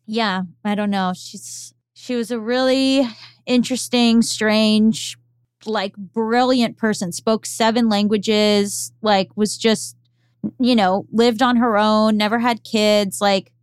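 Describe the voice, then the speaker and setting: Smooth-voiced woman podcast host. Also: medium pitch, dry recording, studio quality. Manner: candid, rambling, with frequent fillers. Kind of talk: casual podcast chat.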